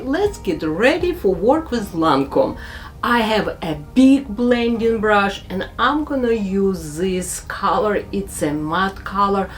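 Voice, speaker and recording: A woman talks through a makeup tutorial at an unhurried pace, choosing her English words carefully with non-native phrasing. Her voice sits in a middle pitch, with soft music playing faintly behind her. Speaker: beauty vlogger.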